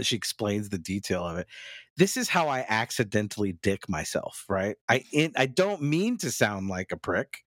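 A man's voice: medium pitch, no echo, studio quality. A man co-hosting a podcast, telling self-mocking stories in casual banter. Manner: self-mocking, animated storyteller. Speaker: podcast co-host.

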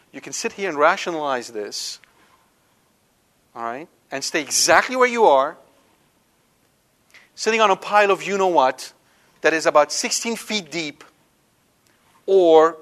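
Emphatic preacher, man with a higher voice. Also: fairly bright tone. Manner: emphatic, asks listeners "do you understand?". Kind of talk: sermon.

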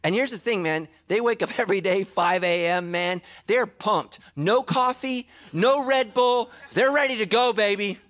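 A middle-aged man preaching a sermon as a pastor, animated and jokey, with quick asides to the congregation. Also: high voice.

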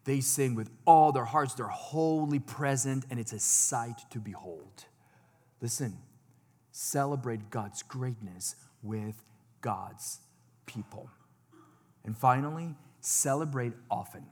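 A man preaching a sermon to his congregation, swinging from loud exclamations to hushed asides. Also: medium pitch, slow pace, in a large hall. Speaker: pastor. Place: church sanctuary.

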